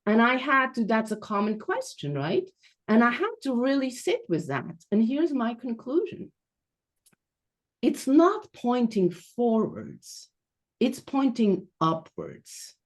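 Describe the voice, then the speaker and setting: A woman from Switzerland giving a reflective, measured personal storytelling talk as a guest speaker over a video call. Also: a little high, sing-song. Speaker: guest speaker, transition coach.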